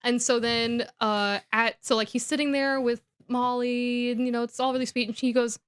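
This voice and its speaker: A woman's voice: on the high side, level tone, smooth. Chatty young woman recapping with laughs. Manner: chatty, lots of "like" and restarts, quick to laugh. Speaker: podcast co-host. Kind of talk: casual comedic book recap.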